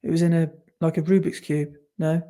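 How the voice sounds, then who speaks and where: A man's voice: on the high side, flat delivery, a little fast, dark tone. A man co-hosting a casual podcast, chatty and rambling, often correcting himself mid-sentence. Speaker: podcast co-host. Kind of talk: casual chat.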